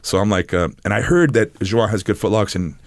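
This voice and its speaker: A middle-aged man, a podcast guest, telling a long story in a halting, animated way, stopping and restarting and acting out what others said. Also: lowish voice, dry recording, clean studio sound. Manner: halting, animated storyteller who acts out quotes. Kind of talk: casual storytelling interview.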